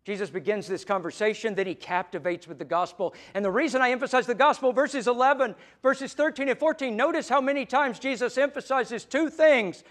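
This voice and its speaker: High-voiced man preaching a sermon. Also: fairly quick, hardly any pauses. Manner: emphatic, swings between loud stresses and soft low asides. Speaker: pastor.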